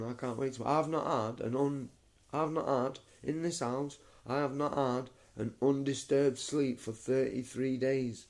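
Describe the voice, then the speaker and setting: Young man, sick with fever, rambling at home in a soft, dark voice and repeating himself. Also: medium pitch. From United Kingdom. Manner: repetitive, keeps calling the listener mate. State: feverish and shivering. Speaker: vlogger. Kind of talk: rambling home video monologue. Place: his home.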